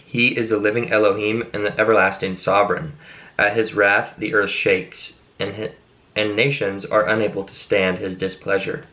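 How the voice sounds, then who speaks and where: A man reading scripture aloud at a steady, measured pace, now and then stopping to explain a word. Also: lowish voice, rough recording. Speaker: Bible reader.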